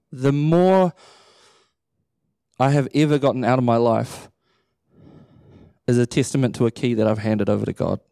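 Preacher in his thirties, warm mellow tone, humorous and lively sermon delivery. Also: medium pitch, no echo, clean studio sound. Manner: animated storytelling with playful humor. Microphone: handheld or stage microphone.

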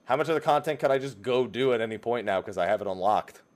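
A man's voice: medium pitch, expressive, fast talker. Joking man hosting a gaming podcast. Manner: joking, rambling, laughs often. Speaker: podcast host. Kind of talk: casual gaming podcast chat.

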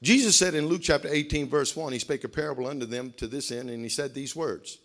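High-voiced shouting preacher man. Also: very animated, brisk. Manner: shouting, sing-song preaching with call and response. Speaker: guest preacher. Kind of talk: sermon.

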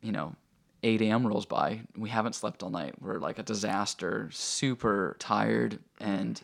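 A man with a low, gravelly voice tells a personal story in a loose, casual way. He keeps it lively with lots of fillers and acts out the people he quotes. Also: unhurried. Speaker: guest telling a personal story.

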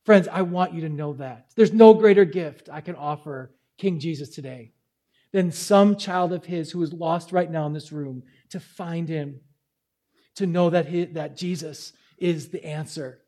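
Earnest high-voiced male pastor. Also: a little slow. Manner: earnest, pleading, swings between loud and quiet. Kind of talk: sermon. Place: church service.

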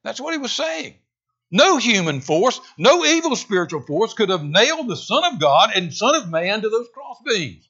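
A man preaching a sermon, swinging between loud, emphatic lines and hushed, intense ones. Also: high-pitched, big pitch swings, moderate pace, hardly any pauses, husky, lo-fi sound. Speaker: pastor.

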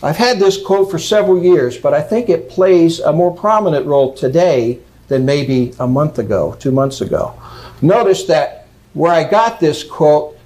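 A man's voice: fairly high pitch, expressive, moderate pace, a little mellow, rough recording. A man giving a lecture, reading out quotes and commenting on them emphatically, often checking in with "okay?".

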